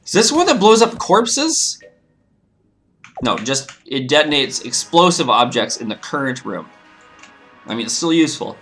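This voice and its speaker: A man's voice: medium pitch, very animated, normal speed, pauses often, fairly bright tone, faint music behind. A man giving casual, rambling, joking commentary as he plays a video game. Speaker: let's play host.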